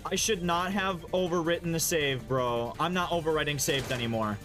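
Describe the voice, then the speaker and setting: A man's voice: a little high, moderate pace, fairly bright tone, faint music behind. A man playing a game while chatting, swearing a lot and laughing through his frustration. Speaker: player. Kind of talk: comedic gameplay chat.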